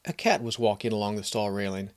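A man narrating a fantasy story in a measured, even storytelling manner. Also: lowish voice.

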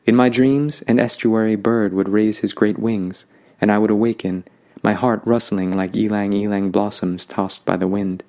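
A man narrating a fantasy story in a calm, lyrical way. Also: fairly low pitch, normal speed.

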